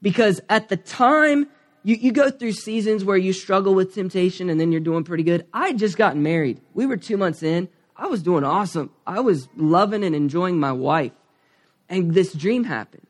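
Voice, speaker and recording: Male pastor, 30s, candid rambling sermon storyteller with a fairly high voice. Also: normal speed.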